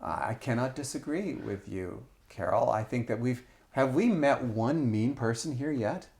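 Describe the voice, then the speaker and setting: A man's voice: medium pitch, animated, normal speed, gravelly, a little mellow. Man hosting a travel podcast. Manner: reads listener comments aloud. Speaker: podcast host. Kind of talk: casual podcast chat.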